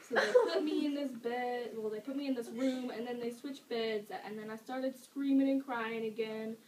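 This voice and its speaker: A woman's voice: fairly high pitch, fairly even intonation, moderate pace. Giggly teen girl, distant and noisy. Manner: laughing often, rambling with many fillers. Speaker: storyteller. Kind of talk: casual storytelling. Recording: distant mic with loud background noise.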